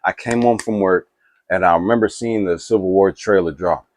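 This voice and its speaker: A man chatting casually to camera about movies, rambling with restarts and asides and getting excited. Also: deep voice, moderate pace. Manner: animated and excitable. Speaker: movie reaction YouTuber.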